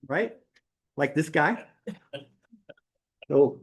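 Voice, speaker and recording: A man's voice: mid-range voice, unhurried, long pauses, darkish tone. A man teaching a Bible class at church, talking casually with ums and rhetorical questions as he walks through slides.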